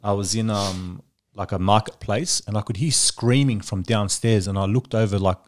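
Guest: a New man with a lowish voice who rambles through stories in relaxed podcast chat. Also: moderate pace. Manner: rambling storyteller, many fillers. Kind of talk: casual chat.

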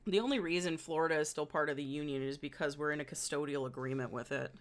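A woman with an Indiana accent chatting casually with her viewers as a livestreamer, in a wry, joking way and quick to laugh. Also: low voice. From Indiana, United States.

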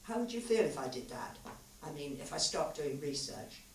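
A woman's voice: low voice, very animated, moderate pace, slight background noise. A woman reading a weary, earnest male physicist. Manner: earnest, quiet, confiding. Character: thoughtful, weary male physicist, gentle lover. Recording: echoey hall, mic far off.

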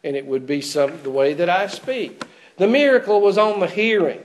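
A male preacher with a raised, fairly high speaking voice works through a Bible passage for his congregation. He often stops to put rhetorical questions to his listeners. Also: moderate pace, a little hiss or hum. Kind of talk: expository sermon. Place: church.

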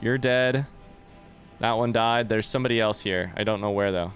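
A man's voice: lowish voice, normal speed, a bit bright, faint music behind. A young man doing live gameplay commentary, rambling, joking and swearing as he chats to his viewers. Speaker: let's play streamer.

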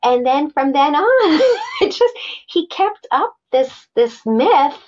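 A woman's voice: high voice, slow pace, muffled recording, a little hiss or hum. Woman telling her story, acting out dialogue. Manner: animated, acts out quoted dialogue, many restarts. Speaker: podcast guest. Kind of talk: personal storytelling in an interview.

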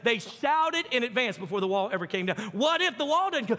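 A male pastor preaching a sermon with animated, folksy storytelling and fervent emphasis. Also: high voice, a little fast, long reverb tail.

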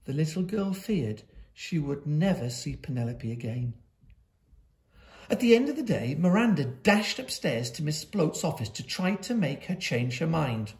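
A woman reading a children's picture book aloud at a school, with lively, dramatic delivery and slow pauses. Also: deep voice, a little hiss or hum. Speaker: school storyteller.

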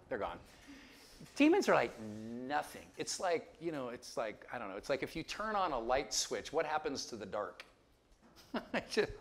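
A man giving a Bible lecture in an animated way, often checking in with listeners and chuckling in asides. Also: fairly high pitch, moderate pace. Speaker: Bible teacher.

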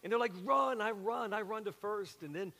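A middle-aged Southern man preaching in a church, his voice pitched high and sounding bright and forceful. He tells stories in a chatty, animated way, full of asides, and the sanctuary gives it a long, ringing reverb. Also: fairly quick. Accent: Southern with a Western Pennsylvania twist. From South Carolina. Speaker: pastor. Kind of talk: sermon with personal story.

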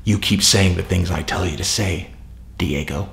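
A man voicing a controlling, manipulative small man who speaks in a low, hushed, condescending way. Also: normal speed, creaky, echoey room, full character voice. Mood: smug.

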